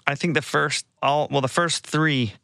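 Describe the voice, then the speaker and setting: A man's voice: fairly high pitch, steady tone, measured pace, creaky, sharp tone, dry recording, clean studio sound. A man co-hosting a casual podcast chat, telling stories animatedly and putting on silly voices. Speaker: podcast co-host.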